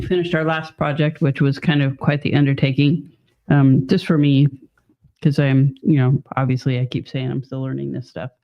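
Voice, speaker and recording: A woman's voice: low-pitched, darkish tone, lo-fi sound. A woman from Northern California co-hosting a paranormal live stream, chatting in a rambling way with many filler ums. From Shasta County, Northern California. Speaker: co-host and video editor of a paranormal channel. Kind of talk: casual live-stream chat.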